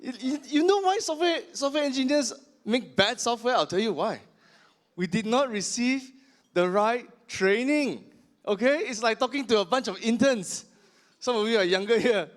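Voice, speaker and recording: A male stand-up comedian, punching through his set. His voice sits fairly high and swings widely in pitch as he exaggerates each joke. The delivery is loud and theatrical. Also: lively intonation, moderate pace.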